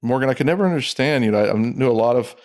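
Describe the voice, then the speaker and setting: A man's voice: mid-range voice, lively intonation, rapid-fire, a little mellow. A middle-aged man, a former intelligence officer, talking emphatically as a guest on an interview podcast. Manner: emphatic, repeats words when fired up. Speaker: ex-CIA officer, guest expert.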